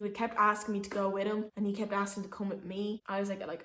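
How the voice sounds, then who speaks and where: Young woman vlogger, chatty storytime delivery, mid-pitched voice, roomy echo. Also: level tone, fast, few pauses. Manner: chatty, leans on "like" a lot. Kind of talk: casual storytime.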